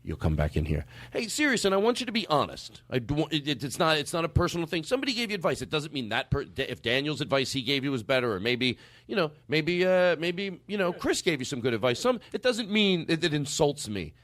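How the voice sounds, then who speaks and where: A man's voice: on the high side, big pitch swings, fast talker, hardly any pauses, a bit bright, dry recording. A middle-aged man hosting a comedy podcast with guests, joking loosely, swearing, and running mock-serious bits. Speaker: podcast host.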